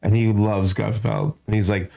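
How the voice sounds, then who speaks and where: A man's voice: on the low side, little pitch movement, normal speed, gravelly, dark tone. A man who is a stand-up comedian guest, telling rambling anecdotes with crude jokes and frequent laughs in a studio. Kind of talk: casual comedy chat.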